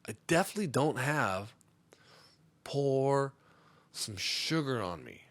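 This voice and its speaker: A middle-aged man on a comedy podcast telling a profane story, swinging between loud outbursts and muttered asides. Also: mid-range voice, animated, slow pace. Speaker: podcast host.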